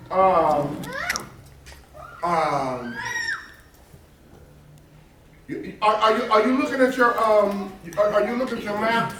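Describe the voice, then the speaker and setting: A pastor leads a Bible class, emphatic and quizzing the people in front of him. His voice sits fairly high for a man. He is recorded from across a very echoey room. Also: expressive, moderate pace, a crowd in the background. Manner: emphatic, talks to the class with questions. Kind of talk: Bible study class teaching. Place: church classroom. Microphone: distant room mic. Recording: very echoey room, far from mic.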